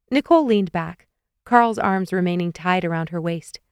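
A woman's voice: on the low side, moderate pace, darkish tone, clear, resonant tone, dry recording, clean studio sound. A young adult woman reading a novel aloud as an audiobook narrator, giving the characters small shifts in voice. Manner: reads dialogue with light shifts for each character. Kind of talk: scripted narration.

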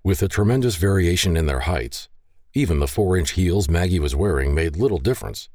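A man narrating a novel in a very deep voice. His delivery swings widely in pitch and stays expressive. The sound is close and dry, with no room. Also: a little fast, dry recording. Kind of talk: scripted audiobook narration.

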